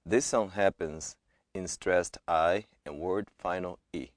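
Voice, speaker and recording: A man reading pronunciation examples word by word as a guest reader in a language lesson, with measured, careful delivery. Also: sits low, dry recording, clean studio sound.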